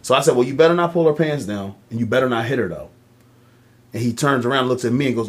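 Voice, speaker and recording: A man's voice: mid-range voice, fast. A young man, telling a long story on a casual podcast, with many ums and acted-out voices for the people in it. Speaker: podcast co-host.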